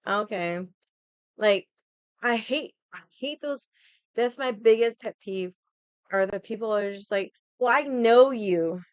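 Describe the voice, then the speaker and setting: Slow-talking profane woman venting. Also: mid-range voice, clear, resonant tone, dry recording. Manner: profane, exasperated, mocks others in quoted voices. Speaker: streamer. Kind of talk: casual venting rant.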